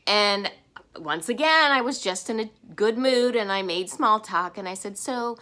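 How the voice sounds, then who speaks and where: Woman vlogging to camera, heartfelt and earnest, middle pitch, just talking it out. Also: lively intonation, normal speed, sharp tone. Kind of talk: personal reflective vlog.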